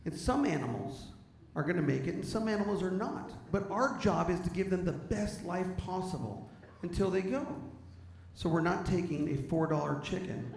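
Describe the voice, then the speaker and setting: A man's voice: sits high, sing-song, moderate pace, creaky, reverberant, long reverb tail, a little hiss or hum, voice pushed up, full character voice. Man doing a patient, firm wife. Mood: sweetly firm. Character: calm, practical wife of the comedian.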